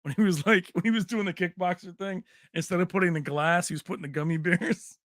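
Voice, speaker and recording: A man's voice: sits high, steady tone, fast talker, a little hiss or hum. A man hosting a tech livestream in a casual, chummy way, chatting with viewers and calling them baby. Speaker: tech channel host.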